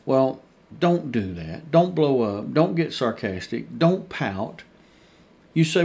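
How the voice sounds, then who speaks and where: Gravelly-voiced pastor, earnest and repetitive. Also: male voice, mid-range voice, big pitch swings, takes it slowly, dark tone. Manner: earnest, repeats key points, addresses listeners as dear friends. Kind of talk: Bible study teaching.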